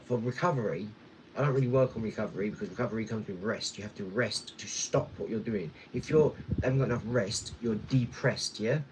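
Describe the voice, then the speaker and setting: A man's voice: lowish voice, slight background noise, low-quality recording. Male vlogger, blunt, rambling, talks straight to the viewer. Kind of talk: casual rambling vlog talk.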